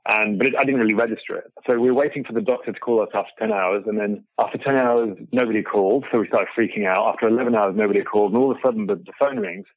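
A middle-aged man telling lively stories as a guest over a remote call, laughing often and restarting his sentences. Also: lowish voice, very fast, hardly any pauses, dry recording, narrow, tinny audio. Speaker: guest photographer. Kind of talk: casual storytelling in an interview.

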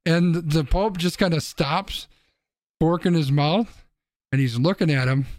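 A man's voice: fairly high pitch, measured pace, a little mellow, no echo, clean studio sound. A man co-hosting a casual podcast, telling a joke in a rambling way with restarts. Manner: rambling, restarts, laughs at own jokes. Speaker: podcast co-host.

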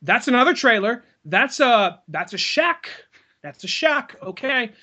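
Podcast co-host, male, high-pitched, rambling storyteller who loses words and swears. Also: sing-song, a little slow, bright, forceful tone, highs cut off. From California. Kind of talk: casual chat.

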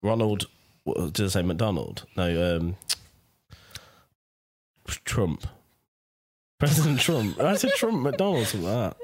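A man's voice: on the low side, very animated, a little slow, long pauses, breathy edge. A man co-hosting a podcast in sweary, bantering casual chat. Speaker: podcast co-host.

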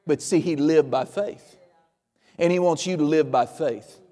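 A man's voice: fairly high pitch, measured pace, dark tone, big-room sound. A male pastor preaching a sermon, emphatic and repetitive, with folksy humor.

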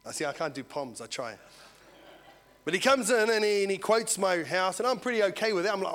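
A man, a lay preacher giving prophetic words and an animated personal testimony. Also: high voice, fairly quick. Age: 40s. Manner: animated storyteller, swings from soft personal words to loud exclaiming.

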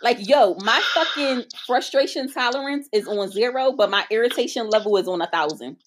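Profane, animated woman podcast host. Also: fairly high pitch, brisk. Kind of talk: casual chat.

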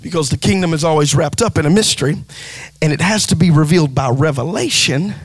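A man preaching a sermon, repeating words for emphasis and rising into shouted, sung cadences. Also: on the high side, fast, no echo.

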